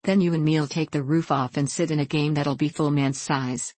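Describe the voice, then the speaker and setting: A woman's voice: sits low, fairly even intonation, moderate pace, darkish tone, no room sound. Woman reading as Daylight, a brash prospector. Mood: bold. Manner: swaggering backwoods dialect, boastful. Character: brash male frontier gold prospector.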